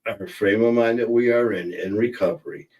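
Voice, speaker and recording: A man's voice: medium pitch, fairly even intonation, normal speed, darkish tone, recorded from a distance, low-quality recording. A middle-aged man hosting a casual livestream, rambling and reading viewer comments aloud. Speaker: host.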